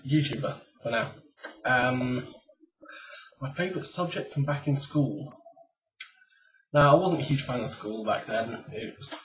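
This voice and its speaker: A man's voice: mid-range voice, a little hiss or hum. Late-twenties man from England, chatty home vlogger, rambling and self-deprecating, muffled webcam mic at a distance. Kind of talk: casual tag vlog chat. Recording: dull lo-fi webcam sound, a bit far from the mic.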